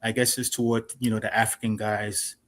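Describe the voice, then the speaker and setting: A man from South Carolina with a Gullah Geechee accent, calling into a live-stream debate, halting at first and then defensive and loud. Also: lowish voice, flat delivery. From Charleston, South Carolina. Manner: hesitant, then raises his voice defensively. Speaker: caller.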